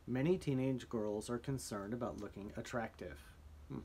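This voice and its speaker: A man's voice: mid-range voice, normal speed, a little hiss or hum. Easygoing male teacher explaining spelling. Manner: relaxed, with frequent ums and restarts. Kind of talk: recorded spelling lesson.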